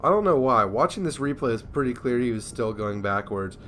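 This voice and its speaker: A man's voice: mid-range voice, animated, brisk, fairly bright tone, slight background noise. A young man giving casual, rambling commentary over a naval war game, sleepy and yawning, joking at himself. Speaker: gameplay commentator.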